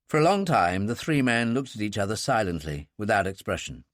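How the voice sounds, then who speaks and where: Man narrating a wartime novel, lively pitch. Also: moderate pace, no room sound, studio quality. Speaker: audiobook narrator. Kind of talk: scripted narration.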